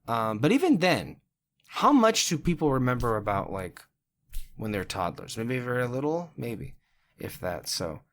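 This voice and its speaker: A man hosting a podcast in casual chat, talking in an animated way, swearing freely and often laughing. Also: mid-range voice, a little slow. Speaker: podcast host.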